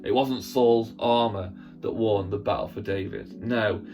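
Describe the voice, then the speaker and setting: A man, a church presenter, telling a Bible story in a lively, acted-out way with sound effects. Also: lowish voice, unhurried, gravelly, soft background music.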